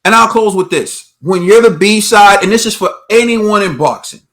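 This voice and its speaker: A man's voice: high voice, moderate pace, a bit bright. A man co-hosting a boxing talk show, ranting emphatically with repeated rhetorical questions. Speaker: boxing podcast co-host. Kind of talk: heated opinion rant.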